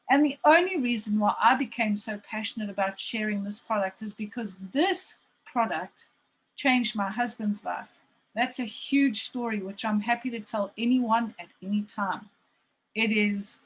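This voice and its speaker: A woman's voice: medium pitch, low-quality recording. A woman in her forties coaching her team over a video call. She speaks in a heartfelt, emphatic way, with a faint hiss of background noise behind her. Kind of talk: emotional motivational talk. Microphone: video call mic.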